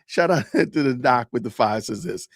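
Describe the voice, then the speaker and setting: Lively, dry-voiced male podcast host. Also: mid-range voice, moderate pace, no room sound. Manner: animated, joking, talks to live chat. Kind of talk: casual commentary on videos.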